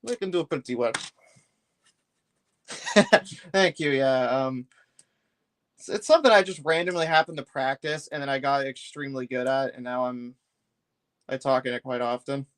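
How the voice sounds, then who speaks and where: A man's voice: mid-range voice, normal speed, pauses often. A man chatting casually on a live stream while building a brick set, rambling loosely and often trailing off mid-thought.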